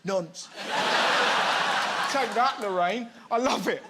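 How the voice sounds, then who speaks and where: A man hosting a TV comedy show, with an animated, mocking comic delivery in a studio with a live audience. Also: high voice, slow, heavy background noise. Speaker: host. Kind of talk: stand-up comedy monologue and kids' interview. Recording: loud studio audience and music.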